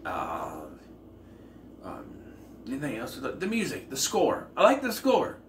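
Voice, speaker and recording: A man's voice: medium pitch, huge pitch swings, a little slow, recorded from a distance. A man hosting a casual film review, talking in a rambling, conversational way with lots of fillers and self-corrections. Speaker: film reviewer, channel host. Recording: echoey room with faint ambient noise.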